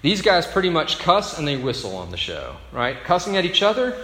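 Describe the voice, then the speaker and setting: A man's voice: fairly high pitch, huge pitch swings, a little fast, a bit bright, a little hiss or hum. Man preaching in an echoey hall. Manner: conversational, frequent "right?" tag questions. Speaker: pastor. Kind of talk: sermon. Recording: echoey hall with long reverb.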